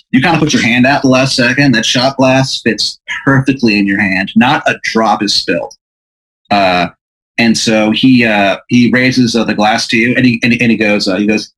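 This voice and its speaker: On a roughly recorded podcast, the male host spins an improvised comic hypothetical in a mid-range, fairly bright voice. He rambles, leans heavily on fillers, and breaks into laughter partway through sentences.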